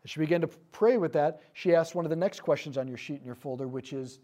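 Soft-spoken man telling a prayer story. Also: on the high side, quick pace, few pauses. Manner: soft storytelling, drops to near-hushed tones for quoted prayers. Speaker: speaker leading a prayer ministry session. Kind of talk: teaching talk with a story.

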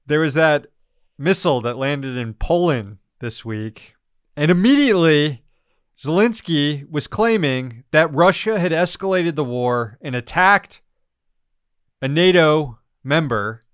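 A man's voice: a little high, animated, measured pace, clean tone, no room sound, clean studio sound. A man hosting a podcast, giving blunt, sarcastic commentary on the news with frequent laughs and swearing. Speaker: podcast host.

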